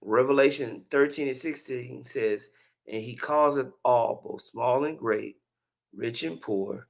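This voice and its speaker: A man's voice: medium pitch, measured pace, vocal fry. A man hosting a casual religious commentary, chatty and preachy, with chuckling asides between clips.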